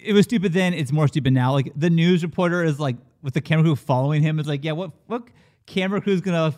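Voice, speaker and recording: A man's voice: on the high side, animated, quick pace, a little mellow. A man chatting casually on a movie podcast, rambling through his thoughts and backing others up with short agreements. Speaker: podcast co-host.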